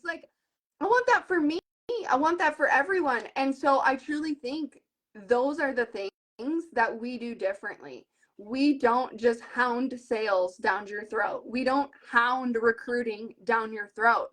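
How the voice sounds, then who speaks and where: A woman's voice: sits high, unhurried. A woman in her thirties, a direct-sales team leader, talking earnestly and with animation in a live video conversation. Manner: earnest and animated, retells conversations in lively voices.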